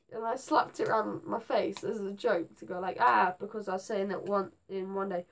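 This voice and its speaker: A teenage girl, rambling to camera in her bedroom; her voice is going hoarse, and she is scatterbrained and jumpy. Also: mid-range voice, steady tone, a little fast, hardly any pauses. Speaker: gaming vlogger. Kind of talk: rambling casual vlog to camera.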